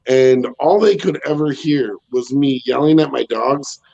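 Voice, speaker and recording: A man in his thirties with a loud, bassy voice, doing a rambling stand-up set from home with lots of ums and chuckles. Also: measured pace, creaky, highs cut off. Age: 30s. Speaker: stand-up comedian. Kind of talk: casual stand-up set over video call. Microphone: home video call.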